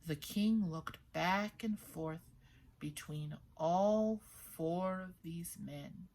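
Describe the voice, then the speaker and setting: A woman storyteller narrating a folktale for young listeners. Her delivery is expressive, shifting between lively and hushed. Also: fairly low pitch, drawn-out words. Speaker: children's storyteller.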